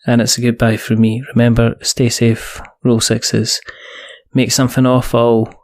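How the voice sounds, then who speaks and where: A man hosts a casual podcast, speaking at an ordinary middle pitch. He teases his guest and rambles through plugs with playful jokes. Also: completely flat delivery, measured pace, a little mellow. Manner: teasing, jokey, rambling. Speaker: podcast host. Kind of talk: casual podcast chat and sign-off.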